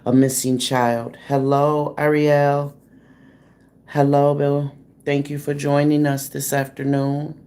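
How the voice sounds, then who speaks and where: A woman with a deep, warm voice hosts a true crime livestream, speaking slowly with a flat delivery. Blunt and slangy, she calls out critics and greets chat viewers by name.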